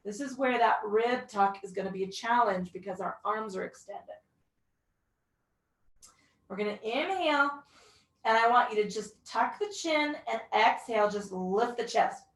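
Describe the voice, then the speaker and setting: A woman's voice: a little high, expressive, moderate pace, a bit bright. A young woman leading a mat pilates class, giving breath counts and encouraging cues with the odd whoop. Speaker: pilates instructor. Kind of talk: guided workout instruction. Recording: echoey room, voice from a distance.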